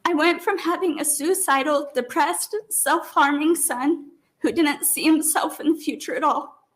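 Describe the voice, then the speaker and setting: A woman's voice: sits high, measured pace. A mother giving emotional public testimony at a hearing, apologetic and fighting back tears. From Nebraska. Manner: tearful, apologetic, breaking up at times.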